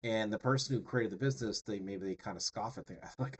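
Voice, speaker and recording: A man's voice: lowish voice, a little fast, slightly rough, low-quality recording. A man lecturing a class in a loose, conversational way, peppered with fillers and tag questions. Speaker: instructor.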